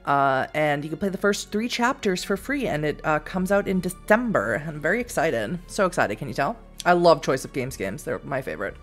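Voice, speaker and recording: A woman streaming a text-based game, chatting casually and reading the story aloud in a bubbly, excitable way. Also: low voice. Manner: bubbly and excitable, reads narration with gentle emphasis. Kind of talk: casual let's-play chat and reading aloud.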